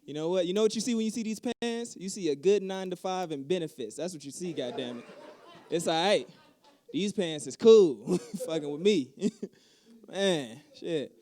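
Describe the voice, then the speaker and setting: A man's voice: sits high, expressive, normal speed, mellow. Cocky New Mexican male stand-up comic. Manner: cocky, laid-back storytelling with profanity. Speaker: stand-up comedian. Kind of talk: stand-up comedy.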